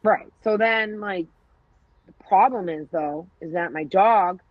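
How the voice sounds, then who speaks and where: A woman's voice: mid-range voice, slow pace, no echo, narrow, tinny audio. A woman co-hosting a podcast, telling stories in candid casual chat, acting out quoted dialogue and swearing freely. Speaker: podcast co-host.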